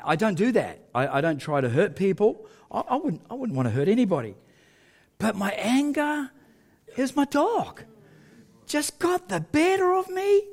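A man's voice: high voice, sing-song, moderate pace, a little mellow. A male pastor, telling a story in a sermon with self-mocking humour and frequent laughter.

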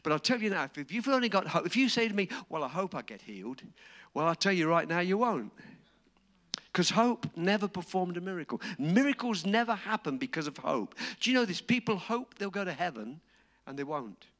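A man preaching a sermon, dramatic and storytelling, acting out quotes and rising to shouts. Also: sits high, animated, brisk.

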